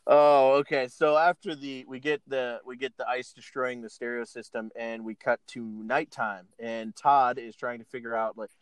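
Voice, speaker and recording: A man's voice: medium pitch, fairly even intonation, moderate pace, few pauses, smooth, no room sound. A man casually retelling a film scene by scene, laughing often and acting out the characters' lines. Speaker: podcast co-host recapping a film. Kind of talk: casual chat.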